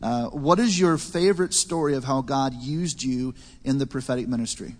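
A man's voice: medium pitch, normal speed. Man hosting a church panel, hall echo. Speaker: panel host.

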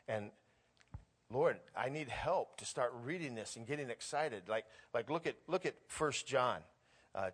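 A middle-aged man preaching a sermon, telling a family story and reading scripture aloud with growing excitement. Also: medium pitch. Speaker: pastor.

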